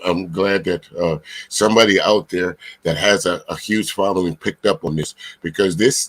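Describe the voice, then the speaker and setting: A man hosting casual commentary, rambling and searching for words in a husky voice. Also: low-pitched. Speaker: host.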